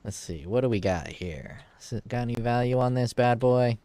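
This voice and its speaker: A man casually commenting on his gameplay as a streamer. He swears freely, gets excited, and reads item text aloud. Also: medium pitch, normal speed. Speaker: game streamer.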